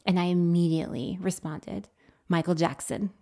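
A woman telling a childhood story in casual podcast chat, lively and quick to act out the people she quotes. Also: on the low side. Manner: animated, acts out quoted voices.

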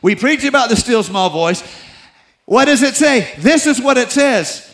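A middle-aged male pastor delivers a sermon, swinging from loud, emphatic peaks to quiet, confiding asides and using teasing, self-deprecating humor. His delivery is animated and a little slow, and the audio quality is poor.

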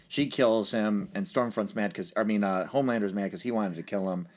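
A man's voice: lowish voice, brisk, a little mellow. A man co-hosting a podcast, recapping a TV series in casual chat, rambling with many fillers and restarts. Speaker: podcast co-host.

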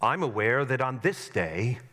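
A man's voice: mid-range voice, sing-song, unhurried, sharp tone. A middle-aged man, a pastor, preaching a sermon in a church sanctuary, telling stories in an earnest way with self-mocking humor. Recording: long hall reverb.

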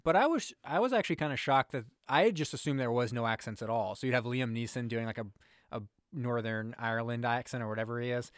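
A man's voice: medium pitch, quick pace, no room sound, clean studio sound. A man co-hosting a casual podcast recap of a movie, rambling and joking, acting out characters as he retells scenes. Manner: rambling, jokey, acts out characters in quotes. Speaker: podcast co-host.

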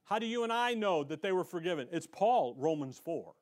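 A man preaching a sermon as a pastor, fervent and colloquial, his voice swelling as he gets excited. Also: high voice, a little fast. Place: church.

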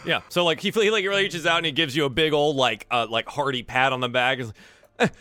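A man's voice: on the high side, quick pace, bright, forceful tone, smooth, no room sound, soft background music. A man narrating as game master of a tabletop game, rambling with many fillers and restarts.

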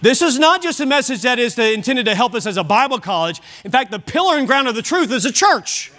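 A man's voice: very high voice, big pitch swings, fast talker, bright, forceful tone. A man preaching a sermon at a church service, emphatic and repeating key phrases for weight.

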